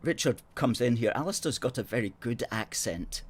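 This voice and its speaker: A man's voice: mid-range voice, expressive, moderate pace, few pauses, husky. A middle-aged man hosting a live stream, chatting casually and playfully as he reads out viewer comments. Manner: playful, chatty, self-mocking. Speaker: host.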